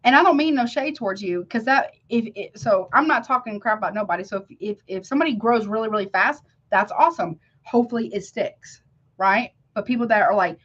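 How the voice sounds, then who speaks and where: A tarot reader gives a casual reading in a slightly high, brisk voice with a breathy edge, speaking emphatically and with plenty of slang. She keeps asking "you see what I'm saying?" to check in with the listener. The recording is a little dull and lo-fi.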